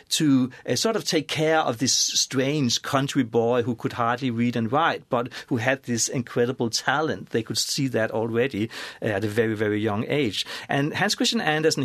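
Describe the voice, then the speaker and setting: A man, a scholar and author, explaining at length in a lively, storytelling way, with many restarts and asides. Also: medium pitch, moderate pace, no room sound. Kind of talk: conversational expert explanation.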